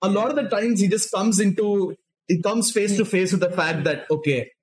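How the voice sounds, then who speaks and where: A man co-hosting a podcast, retelling a story in a casual, excited, swearing chat. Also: high voice, normal speed. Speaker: podcast co-host.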